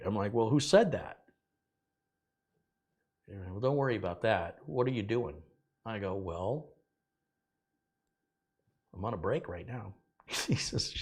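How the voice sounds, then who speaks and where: A middle-aged man with a lowish voice and a breathy edge hosts a tech video, casually telling a story from his working life. He is animated, acting out the quoted dialogue with laughs.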